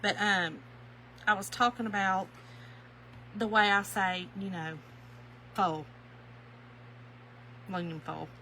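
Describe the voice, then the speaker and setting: This Kentucky-accented woman talks at a medium pitch, a little slowly, with long pauses. She hosts a craft tutorial live stream, reads viewer comments, welcomes people by name, says "y'all" often, and laughs readily in a warm, folksy way. Some hiss or hum runs through the low-quality recording.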